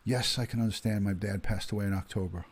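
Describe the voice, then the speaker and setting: Man, fifties, husky voice, low-pitched, retired detective, casual livestream host, chatty with fillers. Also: fairly even intonation, quick pace. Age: 50s. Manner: chatty, greets viewers by name, many ums and uhs.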